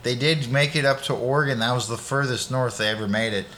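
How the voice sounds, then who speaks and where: A man co-hosting a podcast in casual chat, relaxed and chatty. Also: mid-range voice, fast talker, a little hiss or hum. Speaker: podcast co-host.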